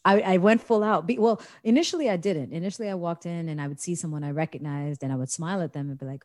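A woman's voice: deep voice, very fast, few pauses, dry recording, studio quality. A woman from the United States telling a funny party story in casual chat, laughing and acting out the people she quotes. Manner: animated, laughing, acts out quoted voices.

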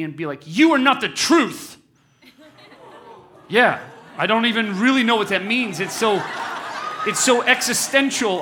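A man in his thirties speaks to a live audience in a high, bright voice. He is candid and self-deprecating, jokes often and keeps asking the room questions. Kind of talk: candid, humorous talk to an audience.

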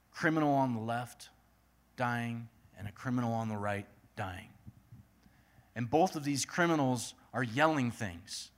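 A man's voice: medium pitch, fairly bright tone. A male pastor preaching and praying in an earnest manner, building his points through repeated lists. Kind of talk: sermon.

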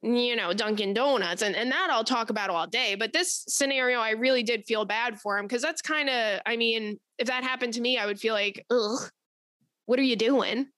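A woman's voice: on the high side, moderate pace, fairly bright tone, dry recording. A young woman hosting a podcast, telling stories in casual chat, blunt and profane with lots of energy. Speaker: podcast host.

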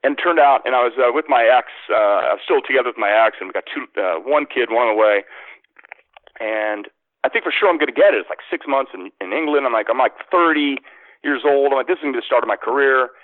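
A man's voice: medium pitch, fast talker, no echo. A man telling his career story in a casual interview, rambling with lots of restarts and "like". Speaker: sports radio host, former actor. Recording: tinny phone-like line, dry.

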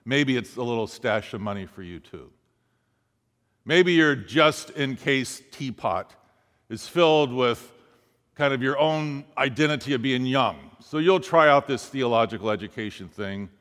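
A man's voice: medium pitch, a bit bright. A man preaching a sermon as a pastor, telling a story and acting out the voices of the people in it. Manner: storytelling, acts out quoted speech. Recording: long hall reverb.

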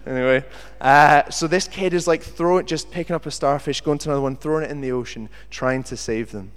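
A man's voice: a little high, brisk, clear, resonant tone. Man preaching in a reverberant hall. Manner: animated storyteller who acts out quotes. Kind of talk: sermon with personal storytelling. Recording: long reverb of a large hall.

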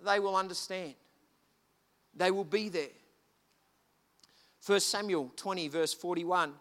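A man preaching a sermon, telling a story with lively, animated delivery and shouting at the peaks. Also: sits high, slow pace. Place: church hall. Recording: long hall reverb, faint music behind.

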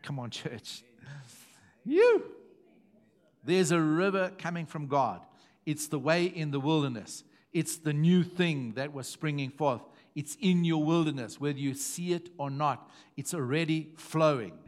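Emphatic pastor, higher voice. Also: male voice, moderate pace. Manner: emphatic, repeating phrases, swings from hushed to loud. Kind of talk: sermon.

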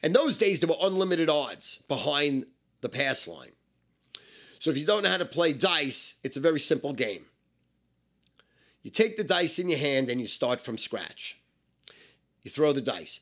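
A man telling a story about his own past in an animated, emphatic way, with lots of swearing and repetition. He explains things step by step and repeats the numbers. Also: on the high side, normal speed, long pauses. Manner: emphatic and profane, with many repetitions.

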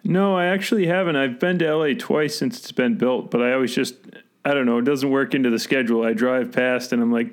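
Chill guy answering a question, quick and easy. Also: medium pitch. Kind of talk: casual podcast chat.

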